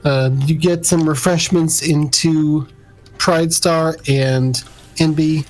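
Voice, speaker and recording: A man narrating as game master of a tabletop role-playing game, in a relaxed, halting way with many fillers. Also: fairly high pitch, low-quality recording.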